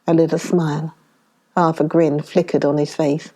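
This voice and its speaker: A woman narrating a classic romance novel aloud in a measured, unhurried way. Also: deep voice, level tone, mellow. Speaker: audiobook narrator.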